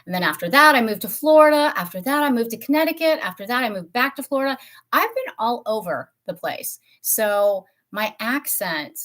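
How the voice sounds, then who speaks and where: A woman's voice: on the high side, animated, moderate pace, a bit bright. A woman in her fifties who grew up in Tennessee, hosting a casual beauty livestream and chatting in a rambling way, often correcting herself mid-sentence. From Tennessee, USA. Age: 50s. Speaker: beauty channel host.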